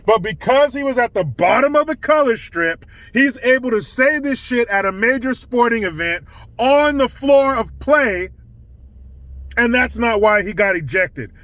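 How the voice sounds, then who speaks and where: A man's voice: very high voice, expressive, unhurried, fairly bright tone, no echo. A man hosting his own commentary channel, ranting bluntly and scornfully with plenty of profanity. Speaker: political commentary channel host.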